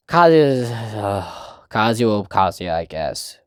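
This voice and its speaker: A man casually recapping and reviewing a manga chapter, animated with mocking asides. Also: mid-range voice, moderate pace, no room sound, studio quality.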